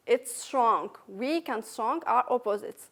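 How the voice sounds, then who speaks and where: Slow, high-voiced woman teaching English. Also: animated, fairly bright tone. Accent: French. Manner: slow, repeats each word and sentence for learners. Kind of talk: recorded revision lesson.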